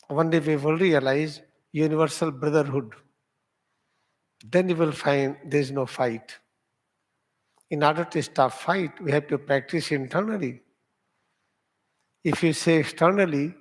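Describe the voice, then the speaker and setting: A man with an Indian accent, a meditation teacher whose first language is Hindi, teaching at an ashram in slow, deliberate, simple English. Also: on the high side. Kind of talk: spiritual teaching talk.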